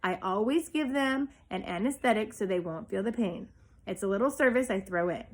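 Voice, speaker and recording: A woman reading aloud, voicing a gentle but brisk female spider who speaks firmly. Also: mid-range voice, natural voice. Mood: calm firm. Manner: calm, firm reassurance.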